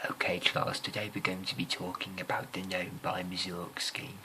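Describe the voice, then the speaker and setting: A shrill, eccentric English music teacher barks at pupils in a strained, half-whispered yell, as a young man puts him on. The voice is loud and sharp-edged. It is an ASMR storytime send-up. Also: monotone, moderate pace, poor audio. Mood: pompous. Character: eccentric shrill male school music teacher, hot-tempered.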